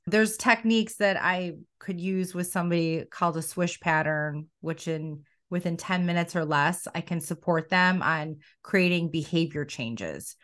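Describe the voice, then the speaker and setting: A middle-aged woman with a somewhat low voice tells her story as a podcast guest. She is animated and slips into quoting her own thoughts along the way. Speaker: coach and academy founder.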